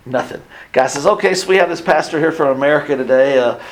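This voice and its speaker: A man's voice: on the high side, brisk. A man preaching a sermon, telling a story with acted-out quotes and sudden drops to near whispers. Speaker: pastor.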